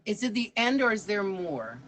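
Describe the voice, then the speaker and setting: A woman's voice: medium pitch, very animated, normal speed. A woman hosting a casual interview, speaking affectionately to her guest. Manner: affectionate, uses pet names. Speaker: host.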